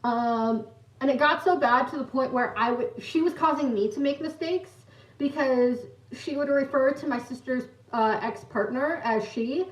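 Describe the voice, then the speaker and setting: A woman's voice: high voice, moderate pace. A young woman livestreaming, telling a story in a rambling, giggly way and greeting viewers in chat. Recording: echoey room, mic at a distance, dull lo-fi sound.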